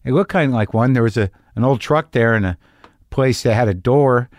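Profane rambling podcast host with a lisp. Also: male voice, medium pitch, brisk, no echo, studio quality. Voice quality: slight lisp. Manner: rambling, profane, self-deprecating. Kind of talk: casual monologue.

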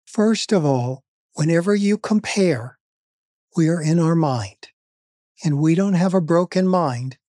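A man's voice: a little high, lively intonation, measured pace, dark tone, dry recording, studio quality. A man speaking as a grief expert in an interview, telling stories in an earnest, emphatic way. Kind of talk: interview conversation.

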